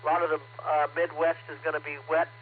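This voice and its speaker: A man's voice: a little high, completely flat delivery, quick pace. A man from Tennessee checking in on a ham radio net and giving a chatty weather report, with many fillers. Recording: tinny radio transmission with faint hum.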